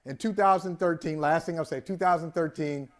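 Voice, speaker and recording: High-voiced man telling stories. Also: a little fast. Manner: animated storyteller, laughs while telling anecdotes. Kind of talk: casual sports talk show chat.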